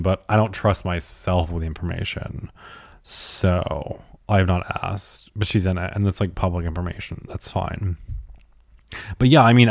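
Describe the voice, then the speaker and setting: Young male podcast host, lowish voice, dry close sound, chatty and sweary. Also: no room sound. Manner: chatty, profane, opinionated, rambling. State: tired late at night. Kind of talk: solo podcast answering listener questions.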